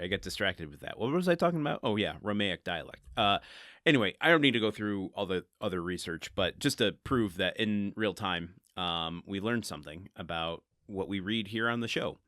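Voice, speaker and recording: A low-pitched man hosts a casual book podcast from home and thinks aloud as he goes. He rambles and pokes fun at himself, and his voice has a bright, forceful edge. The close mic sounds dry. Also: expressive, moderate pace, dry recording. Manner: rambling, self-deprecating, laughs and thinks aloud. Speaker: podcast host.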